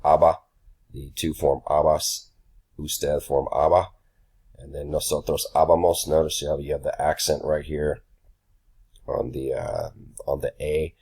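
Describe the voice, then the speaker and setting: Young male teacher with a very deep voice, loose and unscripted, plenty of ums. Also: a little slow, slightly rough. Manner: relaxed, many ums and uhs, says y'all. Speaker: Spanish teacher. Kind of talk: casual recorded grammar lesson.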